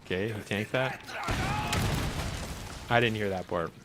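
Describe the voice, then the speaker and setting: A young man streaming a game, excitable and laughing often as he talks to the characters on screen and reacts to chat. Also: on the low side, unhurried. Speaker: gaming streamer. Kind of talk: casual live-stream commentary. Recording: clear background noise.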